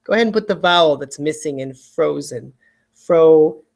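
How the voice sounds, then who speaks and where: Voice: medium pitch, animated, a little fast, vocal fry. An adult spelling teacher giving a recorded video lesson, patiently repeating each word twice and checking in with students.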